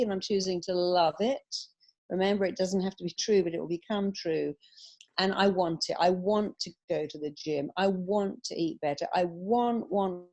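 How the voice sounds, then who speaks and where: Lively middle-aged woman giving upbeat advice. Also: mid-range voice. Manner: animated, upbeat, quotes herself in little acted asides. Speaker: guest, hypnotherapist. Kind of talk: radio interview.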